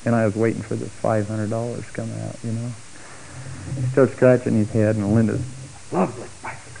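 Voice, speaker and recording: Middle-aged guy telling his testimony, mellow warm voice, jumps way up when he acts out what people said. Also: a little fast, creaky, slight background noise, poor audio. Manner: animated, acts out quoted speech with big pitch jumps. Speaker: storyteller giving a testimony. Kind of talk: personal testimony story.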